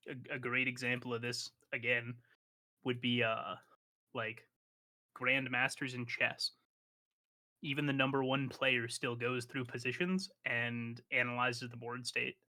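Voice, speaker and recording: A man's voice: medium pitch, sharp tone. A man streamer chatting on a live stream, blunt and profane, giving advice in a lecturing way. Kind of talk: casual live-stream chat.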